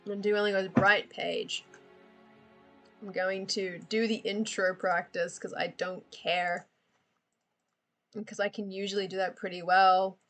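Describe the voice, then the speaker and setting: A woman's voice: medium pitch, steady tone, unhurried, long pauses, a bit bright, faint music behind. Chatty, rambling woman streamer. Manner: rambling and digressive, swears casually, laughs often. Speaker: live-stream host. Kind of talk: casual live-stream chat while drawing.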